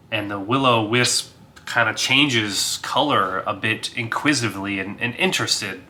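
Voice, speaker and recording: A man's voice: lowish voice, moderate pace, sharp tone, a little hiss or hum. A man casually narrating his solo tabletop role-playing game, thinking aloud with filler words and small chuckles.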